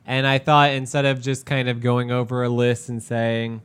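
Young man, podcast co-host, mid pitch, dry relaxed banter. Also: normal speed, few pauses, clean tone. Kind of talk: casual chat.

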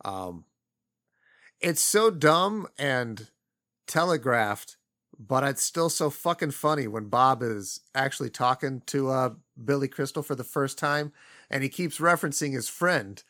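A man casually discussing a comedy film, animated and swearing freely as he retells scenes. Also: medium pitch, unhurried.

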